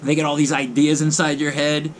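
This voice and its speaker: A man's voice: fairly high pitch, monotone, brisk, a little hiss or hum. A man hosting his own vlog, ranting in blunt, mocking commentary and hammering phrases over and over. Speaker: vlogger host.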